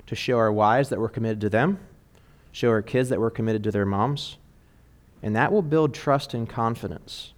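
Earnest man preaching a sermon. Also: mid-range voice. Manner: earnest, emphatic preaching, quoting song lyrics.

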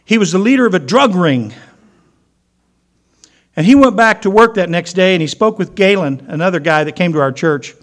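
A man's voice: high-pitched, animated, normal speed, a bit bright. A man preaching a sermon, telling stories and acting out the people in them. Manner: storytelling, acting out quoted voices. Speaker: pastor.

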